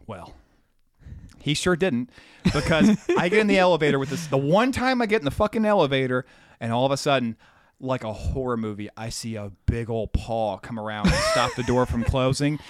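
A man co-hosting a podcast, telling a rambling, animated anecdote full of quoted dialogue. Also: mid-range voice, fairly quick, no room sound, studio quality. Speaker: podcast co-host. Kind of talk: casual storytelling.

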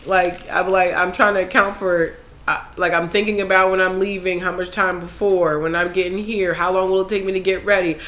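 A young woman in casual group chat, animated and swearing when worked up. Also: lowish voice, brisk. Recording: echoey room with faint noise.

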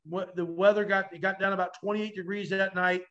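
Podcast guest guy, high bright punchy voice, animated storyteller, muffled audio. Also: brisk. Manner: vivid, acts out quoted voices, swears freely.

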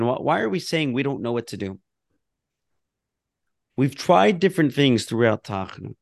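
A man with a gravelly, fry-edged voice teaches a relaxed lesson on prayer. He reads passages aloud, then breaks off into chatty asides and the odd laugh. The sound is dry and close. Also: mid-range voice, dry recording. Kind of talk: casual religious lesson.

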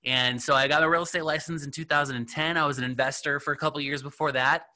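A man's voice: a little high, steady tone, fast talker, sharp tone. A middle-aged man, a real estate agent, telling his story in a casual, rambling interview and acting out the dialogue he quotes. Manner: rambling, full of fillers, acts out quoted dialogue.

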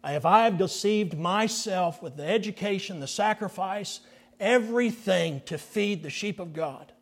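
A middle-aged man preaching a sermon in a fairly high voice. He takes his time with each phrase, sinking into near-whispers to drive a point home. The delivery is earnest and deliberate. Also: expressive, husky. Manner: dramatic, drops to hushed near-whispers for emphasis. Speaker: pastor.

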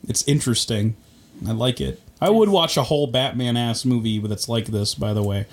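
A man's voice: mid-range voice, normal speed. Joking man riffing on a podcast. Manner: joking, riffing with pop-culture tangents. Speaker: podcast co-host. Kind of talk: casual chat recapping a movie.

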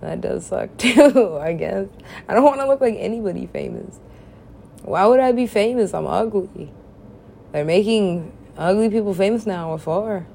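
Creaky-voiced young woman rambling with friends. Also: medium pitch, animated, normal speed, dark tone, slight background noise. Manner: rambling, swears a lot, laughs often. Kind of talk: casual chat among friends.

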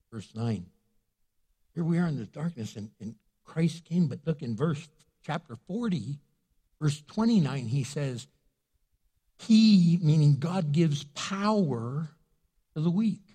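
A pastor preaching a sermon with joking asides and rising fervor. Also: male voice, a little high, a little mellow, husky, big-room sound.

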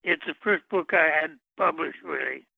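An older man answering interview questions about his book in a plain, measured storytelling way. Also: a little high, vocal fry, breathy edge, dry recording. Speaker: guest author. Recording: tinny phone line.

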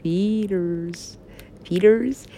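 A woman's voice: mid-range voice, extremely slow, mellow. A woman talking in a meandering, giggly way, swearing freely and trailing off into mumbles. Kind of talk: rambling casual talk.

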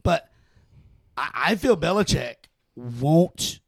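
A man's voice: on the high side, animated, slow pace, vocal fry, no echo, studio quality. A man co-hosting a podcast in casual sports chat, blunt and emphatic. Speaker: podcast co-host.

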